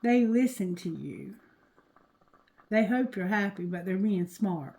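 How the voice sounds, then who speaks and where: A woman giving a casual tarot reading to her viewers, talking loosely and cursing, going quieter when she asks the cards. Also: mid-range voice, animated, slow pace, pauses often, lo-fi sound. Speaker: tarot reader.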